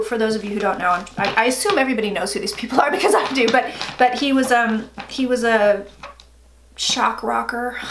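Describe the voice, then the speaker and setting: A chatty, blunt woman in her forties gives a casual tarot reading, her voice sitting a little high. She swears freely as she talks. The room is echoey, with a faint hiss behind her. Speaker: psychic tarot reader.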